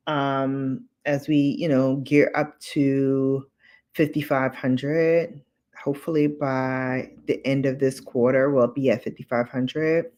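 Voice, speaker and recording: A woman YouTuber chatting casually to viewers on a live stream, relaxed and repeating her phrases as she talks. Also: very deep voice, slow. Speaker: beauty and lifestyle YouTuber.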